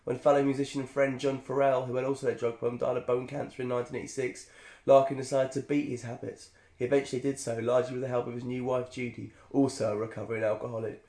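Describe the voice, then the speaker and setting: A man's voice: mid-range voice, level tone, fast, a little mellow, roomy sound. A man co-hosting a podcast, reading aloud in a jokey, digressive way and laughing often. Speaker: podcast co-host. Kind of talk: casual chat reading aloud.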